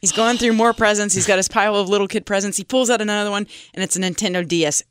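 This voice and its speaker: A woman's voice: medium pitch, steady tone, fast, smooth, no room sound, clean studio sound. A woman co-hosting a podcast, telling a family story in chatty, casual talk with laughter. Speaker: podcast co-host. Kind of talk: casual chat.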